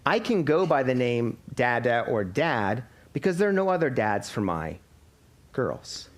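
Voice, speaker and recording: A man's voice: medium pitch, very animated, unhurried. A man in his thirties preaching a sermon as a pastor, explaining scripture and posing rhetorical questions to his congregation.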